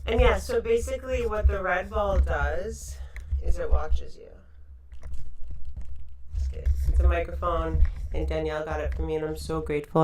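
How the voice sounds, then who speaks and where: A playful woman host wrapping up a casual show, tossing in jokes and quick asides. Her voice sits a little low and carries the echo of a roomy space, heard from a bit away from the mic. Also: a little mellow, far from the mic, slight background noise. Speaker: podcast host. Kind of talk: casual chat show sign-off.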